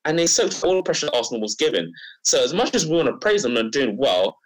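A man's voice: mid-range voice, sing-song, fast talker, poor audio. A man in a casual football chat, emphatic and repetitive as he tells a story. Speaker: podcast panelist.

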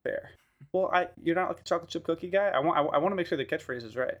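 A man's voice: a little high, racing, dull audio. A man co-hosting a podcast in casual chat, joking around and laughing often. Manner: joking, laughs a lot, loose filler-heavy talk. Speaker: podcast co-host.

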